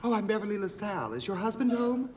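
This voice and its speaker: A man playing a soft-spoken, courteous female impersonator, in 1970s sitcom style. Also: sits high, sing-song, fast. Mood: polite. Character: gentle, polite female impersonator, weary and gracious. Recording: noisy 1970s TV audio.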